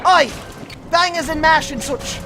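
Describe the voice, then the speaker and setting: A woman putting on the voice of a rowdy, brash British man, shouting and threatening. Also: on the high side, sing-song, fairly quick, over music.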